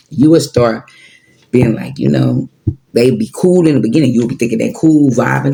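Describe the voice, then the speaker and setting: A man's voice: medium pitch, moderate pace, vocal fry, dark tone. A man in his forties giving a casual, preachy spiritual talk with slang and profanity, repeating his points. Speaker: spiritual vlogger.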